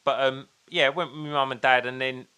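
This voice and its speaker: A man's voice: mid-range voice, fairly even intonation, fairly quick, pushed and bright, smooth. A man, co-hosting a casual podcast and trading laid-back, dry, sweary banter. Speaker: podcast co-host. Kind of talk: casual chat over beers.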